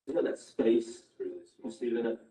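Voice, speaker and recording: A man's voice: medium pitch, slow, dark tone. A man, a chiropractor, walking a patient through an X-ray and checking in with short questions. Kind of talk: explaining to a patient. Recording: distant echoey room recording.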